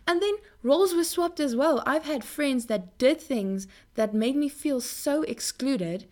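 A woman's voice: normal speed, hardly any pauses. A young woman speaking earnestly in a Christian faith talk to her viewers, often repeating words as she goes. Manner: animated pitch jumps.

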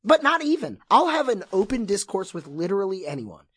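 A man talking as a podcast guest in casual chat, impassioned and excitable, swearing often. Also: sits high, fairly quick, slightly rough, no echo.

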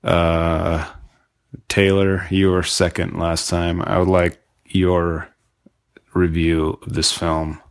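A man with a very low voice hosts a casual movie-review podcast. He is chatty and jokey and keeps slipping in quick asides. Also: flat delivery, clear, resonant tone. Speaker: podcast host.

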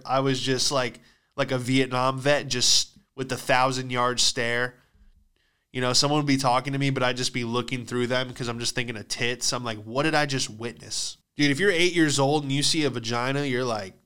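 A man's voice: medium pitch, fairly even intonation, normal speed, pushed and bright, clean tone. A young man giving a profane, rambling comedic monologue as a podcast host, acting out the voices of people in his stories.

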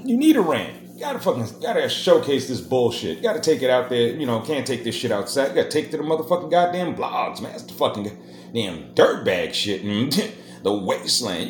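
A man hosting a profane, rambling street-talk rant, loud and emphatic. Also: mid-range voice, wildly swooping pitch, a little fast, roomy sound, a little hiss or hum. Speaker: host of a rant vlog.

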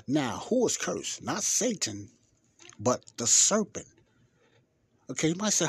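A man's voice: medium pitch, big pitch swings, normal speed, slightly rough, no echo. A man hosting a Bible study podcast who reads scripture aloud and explains it in a conversational, emphatic, rambling way. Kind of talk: casual Bible teaching with scripture reading.

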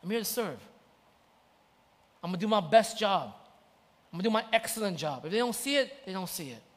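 High-voiced preaching man. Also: sing-song, brisk. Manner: impassioned, repetitive preaching. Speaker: pastor. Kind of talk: sermon. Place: church. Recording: church hall reverb.

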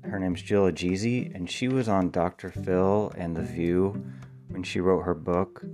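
Male playwright, deep voice, loose spoken monologue, pauses and spells words out. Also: fairly even intonation, over music. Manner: thinks aloud with ums, spells words letter by letter. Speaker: playwright and podcast host.

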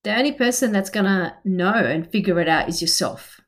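A personal trainer in her thirties, with a medium-pitched voice at normal speed, gives a motivational talk to camera. She speaks directly and chattily to the listener about exercise motivation and asks questions.

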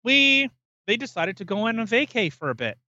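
A man's voice: high-pitched, very animated, a little fast, bright, forceful tone, no echo, lo-fi sound. A man co-hosting a podcast, ranting emphatically and swearing freely in casual chat. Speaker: podcast co-host.

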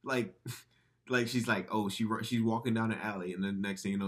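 A man's voice: lowish voice, fairly quick. A young man co-hosting a casual movie chat, rambling and profane, acting out quotes. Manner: profane, rambling, animated storytelling with acted quotes. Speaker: podcast co-host.

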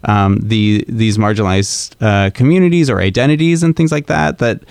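A man's voice: lowish voice, moderate pace, gravelly, darkish tone, clear, resonant tone, no echo. A man in a casual podcast discussion, thinking aloud with hesitant restarts and frequent agreement. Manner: hesitant, searching for words, agreeable.

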